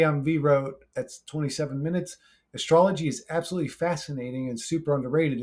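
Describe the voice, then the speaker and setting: A man in his forties talks loosely through viewer comments, brash and profane. His voice sits at a middle pitch, and he laughs easily between remarks in a casual, unscripted monologue. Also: darkish tone. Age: 40s. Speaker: YouTuber reading viewer comments.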